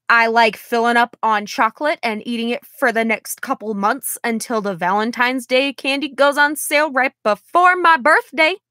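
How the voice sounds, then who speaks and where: A woman's voice: fairly high pitch, pushed and bright, no room sound, clean studio sound. A young woman rambling in a casual vlog, exasperated and sighing as she talks. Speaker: vlogger.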